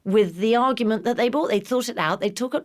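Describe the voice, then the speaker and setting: A woman's voice: a little high, brisk. A middle-aged woman from England in a casual podcast conversation, telling stories and acting out the voices of people she quotes. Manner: animated storyteller, acts out voices in quotes. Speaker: guest.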